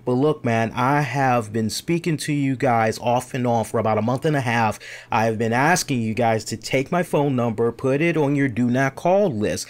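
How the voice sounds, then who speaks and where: A man's voice: mid-range voice, moderate pace. A man hosting a live-streamed talk show, telling an exasperated story full of quoted back-and-forth dialogue. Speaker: show host. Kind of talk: casual storytelling rant to a live stream chat.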